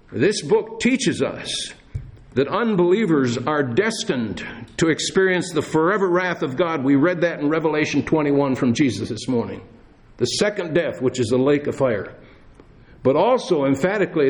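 A pastor preaching a sermon in church, earnest, slowing down and pausing for emphasis. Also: male voice, medium pitch. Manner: earnest preaching with dramatic pauses and slowed emphasis.

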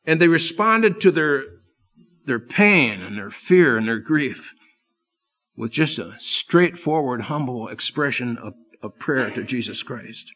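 A man preaching a sermon, impassioned, swinging from loud emphasis to hushed, earnest asides. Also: mid-range voice, lively intonation, measured pace.

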